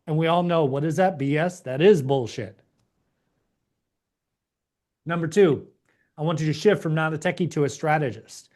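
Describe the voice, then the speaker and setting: A man's voice: fairly high pitch, normal speed, pauses often, a little mellow. A man teaching a live online class, emphatic and preachy, acting out the inner voices of doubt. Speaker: course instructor.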